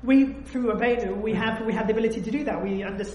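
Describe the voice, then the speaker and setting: A woman leads a religious study discussion in a slightly high voice. She speaks emphatically, often slipping into dramatic acted-out prayers. The room adds a clear echo. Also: fast talker, a little mellow, slight background noise. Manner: emphatic, acts out heartfelt prayers. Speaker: religious teacher. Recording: echoey room.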